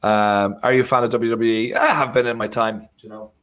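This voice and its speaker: An Irish man co-hosting a live football watchalong, joking and reacting excitedly to the match. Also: mid-range voice, fairly quick. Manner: excitable, jokey, bursts into shouting and laughter. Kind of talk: casual live match chat.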